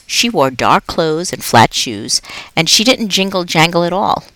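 Expressive woman reading a children's book. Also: fairly low pitch, no room sound, rough recording. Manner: expressive storytelling, dramatic pauses. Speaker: reading specialist.

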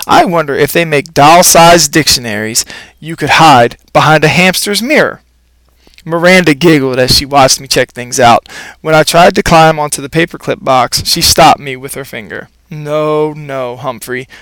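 A man reading a children's storybook aloud in a playful, expressive first-person narration. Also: a little high, dry recording. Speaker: audiobook narrator.

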